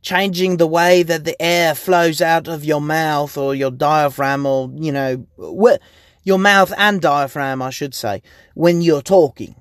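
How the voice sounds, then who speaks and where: A man's voice: fairly high pitch, steady tone, a little slow, dry recording, studio quality. A young man rambling and swearing in a casual podcast monologue, recorded sitting inside his parked car. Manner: profane, rambling, laughs often. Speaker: podcast host.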